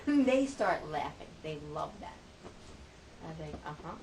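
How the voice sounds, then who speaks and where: A woman's voice: deep voice, very animated, moderate pace, raised voice. A middle-aged woman, a mother, casually telling family stories in a chatty, playful, self-mocking way. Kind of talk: casual storytelling monologue. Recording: amateur recording with audible background noise.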